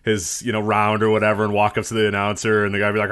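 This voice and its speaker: A man's voice: fairly low pitch, rapid-fire, few pauses, clean tone. A man on a podcast, chatting casually and animatedly, breaking into laughs. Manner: animated, laughs, does mock voices. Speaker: podcast co-host. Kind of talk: casual chat.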